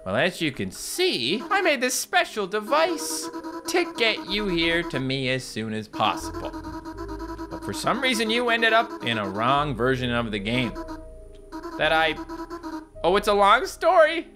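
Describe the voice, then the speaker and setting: A man's voice: sits high, wildly swooping pitch, measured pace, over music, pitched above the performer's own voice, full character voice. A man putting on a sweet clingy AI girlfriend.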